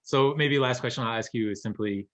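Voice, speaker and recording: A man moderating a talk, reading out questions in a measured, deliberate way. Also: mid-range voice, a bit bright.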